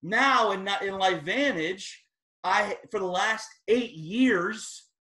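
Man, guest speaker, lively motivational storytelling, slightly high voice, echoey room. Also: takes it slowly. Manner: energetic, storytelling, rising to emphatic peaks. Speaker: guest speaker at team training. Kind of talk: motivational talk.

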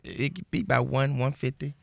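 A man's voice: mid-range voice, fast talker, creaky, no room sound, studio quality. A man telling a story on a morning radio show, laughing often as he talks. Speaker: comedian guest. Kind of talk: storytelling in casual chat. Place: radio studio.

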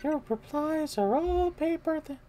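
A woman's voice: sits high, lively intonation, mellow, pitched above the performer's own voice. A woman doing an eerie possessed princess. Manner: slow, drawn-out, solemn questioning.

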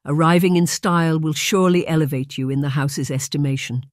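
A man's voice: on the high side, steady tone, brisk, dry recording, clean studio sound, natural voice. A man voicing a kindly, cheerful middle-aged noblewoman who is letting her governess go, speaking graciously in an audiobook.

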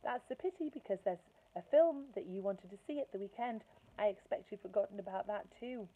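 A woman's voice: medium pitch, fairly quick, dark tone, slightly rough, pitched above the performer's own voice. A woman voicing a stern, no-nonsense mother who speaks firmly and dryly, heard through a tinny phone-like line. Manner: firm, dryly sarcastic.

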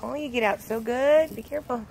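A woman's voice: fairly high pitch, fairly quick, gravelly, darkish tone, a little hiss or hum. A woman talking to a toddler outdoors in sing-song, coaxing baby talk, repeating simple words. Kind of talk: home video baby talk. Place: outdoors in a yard.

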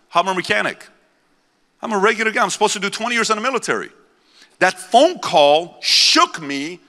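Forceful man rallying a convention-hall crowd. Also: fairly high pitch. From born in Iran, raised in America. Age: 40s. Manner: blunt, punchy, rallies the crowd. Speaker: motivational speaker. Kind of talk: motivational speech to a live audience. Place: large convention center hall.

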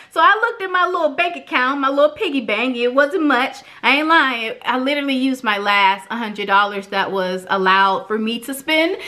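A young woman telling her own story in a casual vlog, chatty and animated, acting out quoted dialogue, emotional and close to tears. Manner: chatty and animated, acts out quoted dialogue with big pitch jumps. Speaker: vlogger reviewing an online course.

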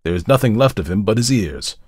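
A man voicing a grim male ghost warrior with a deep, gruff voice, speaking slowly and deliberately. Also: big pitch swings, no echo, studio quality. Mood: grim muttering. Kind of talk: storybook narration.

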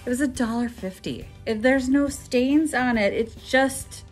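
A woman's voice: high voice, measured pace. A middle-aged woman from Minnesota, chatting in a rambling way on her own vlog and laughing often. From Minnesota, USA. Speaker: vlogger. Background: background music.

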